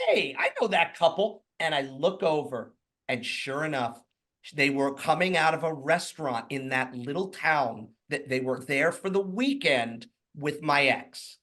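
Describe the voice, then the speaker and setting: A man in his fifties, a podcast guest, telling personal stories in casual chat, acting out the quoted lines and swearing freely. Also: a little high. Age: 50s. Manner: animated, acts out quoted dialogue, swears freely. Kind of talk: casual storytelling.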